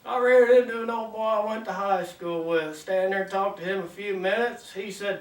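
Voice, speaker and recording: A man's voice: high voice, normal speed, hardly any pauses. A man hosting a comedy show, telling a folksy, wry story with a drawl. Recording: roomy sound from a distant mic.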